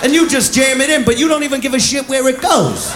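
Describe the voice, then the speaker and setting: A man doing crude stand-up comedy, brash and loud, shouting his punchlines. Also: extremely high pitch, fast. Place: live comedy club. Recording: echoey club with loud crowd. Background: audience laughter and noise.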